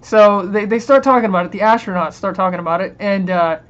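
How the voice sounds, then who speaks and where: A man's voice: sits high, fast talker, a bit bright, dull audio. A man giving a casual, rambling movie rant, chuckling often and dropping sarcastic asides. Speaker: movie reviewer.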